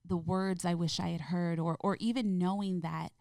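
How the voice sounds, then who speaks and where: A woman with a lower voice, a noticeable fry at the ends of her phrases. She speaks as a podcast guest in a gentle, heartfelt way. The sound is dry and close, with no room around it. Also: fairly even intonation, moderate pace, dry recording. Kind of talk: reflective interview conversation.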